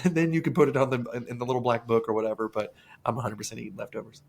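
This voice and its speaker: A man's voice: mid-range voice, steady tone, vocal fry, slight background noise. A married man co-hosting a podcast, joking and swearing in a casual chat. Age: adult, married. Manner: rapid, profane, joking, laughs often. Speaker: podcast co-host.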